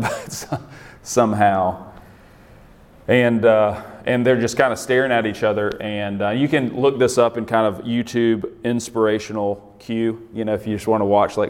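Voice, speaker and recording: Guy preaching casual, keeps asking the room stuff, lowish voice, hall echo. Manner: conversational, asks the audience questions, laughs often. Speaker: pastor. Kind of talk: casual sermon to a group.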